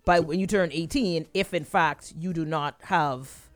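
A woman's voice: low voice, unhurried. A Bahamian woman co-hosting a casual talk show, emphatic and firm as she explains. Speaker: podcast co-host. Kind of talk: casual chat.

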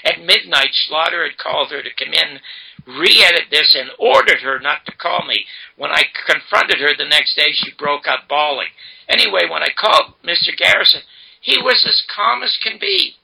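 Older male guest, animated storyteller, husky, slightly high-pitched. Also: moderate pace, poor audio. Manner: animated storyteller, acts out quoted dialogue. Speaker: interview guest. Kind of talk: storytelling interview.

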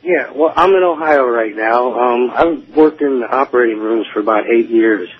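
A man's voice: mid-range voice, normal speed, slightly rough, no echo. A man calling in to a radio show, telling a story in a rambling way with many asides. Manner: rambling, lots of "you know" asides. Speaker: caller. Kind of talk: casual storytelling on a call-in show. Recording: tinny phone line.

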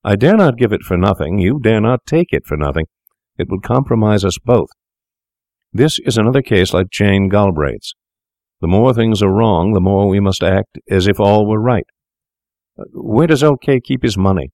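A man reading aloud, voicing a calm, persuasive young male doctor who coaxes his shaken friend in a smooth, menacing tone. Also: on the low side, moderate pace, no echo, clean studio sound, voice pushed up. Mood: coaxing.

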